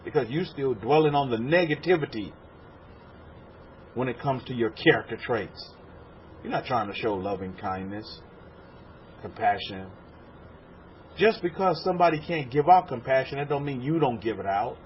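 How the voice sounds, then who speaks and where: A man's voice: medium pitch, lively intonation, moderate pace, pauses often. A man from Texas, a rabbi preaching a sermon to a congregation in a room, repeating words and acting out quotes. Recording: dull lo-fi sermon recording with faint noise.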